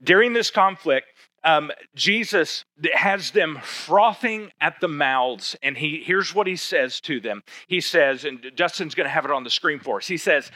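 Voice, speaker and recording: Bright-voiced man preaching conversationally. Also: fairly high pitch, a little slow, no echo. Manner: conversational, emphatic preaching with rhetorical questions. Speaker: pastor. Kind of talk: sermon.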